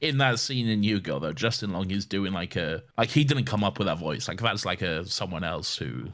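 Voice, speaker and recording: A man's voice: sits low, animated, normal speed, fairly bright tone. A man co-hosting a chatty podcast about films, his voice swinging widely up and down as he rants. He swears freely and keeps breaking into laughter between points. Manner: swearing, ranting, laughs often. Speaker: podcast co-host. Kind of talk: casual film chat.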